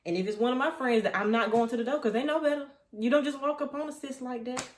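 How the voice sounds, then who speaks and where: A young vlogger with a high-pitched voice talks fast, reliving a story in a chatty, animated way that drifts off on tangents. The room sounds echoey, with slight background noise.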